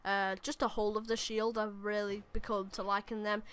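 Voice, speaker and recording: A young adult woman, rambling and commentating live on her own gameplay, often bursting into excited shouts at the game. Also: mid-range voice, normal speed, smooth. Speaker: gaming YouTuber.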